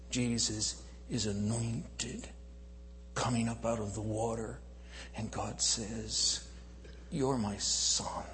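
Male preacher, unhurried delivery, long hall reverb, faint hum. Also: mid-range voice. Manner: slow, swells from quiet to loud emphatic calls. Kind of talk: sermon.

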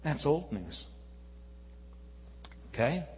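A man preaching a sermon, moving from quiet to loud emphatic calls. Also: a little high, very animated, very slow, big-room sound, a little hiss or hum.

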